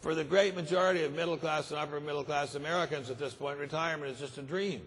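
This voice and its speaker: A man's voice: on the high side, quick pace, fairly bright tone, big-room sound, a little hiss or hum. An older man giving a conference speech in a grave, emphatic way, repeating words for stress. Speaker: conference speaker. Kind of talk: keynote speech. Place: large conference hall.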